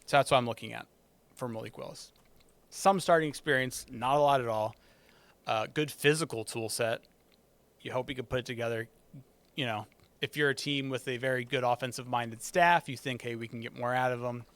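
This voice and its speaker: A man's voice: medium pitch, steady tone, brisk, fairly bright tone, dry recording. A man co-hosting a casual sports podcast, laid-back and chuckling as he gives his takes. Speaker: podcast co-host.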